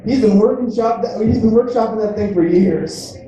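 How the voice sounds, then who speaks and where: A man's voice: high-pitched, normal speed, warm tone, muffled recording. A man doing a stand-up comedy set, rambling and self-mocking as he acts out little voices. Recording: echoey room picked up from a distance.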